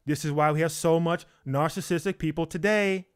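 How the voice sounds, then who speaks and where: A man's voice: on the high side, steady tone, fairly quick, smooth. A man preaching emphatically, repeating his points, asking rhetorical questions and often checking in with "okay?".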